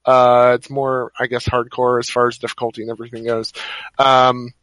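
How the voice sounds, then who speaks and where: A man co-hosting a casual gaming podcast, excitable and quick to laugh. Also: mid-range voice, no room sound, low-quality recording. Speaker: podcast co-host.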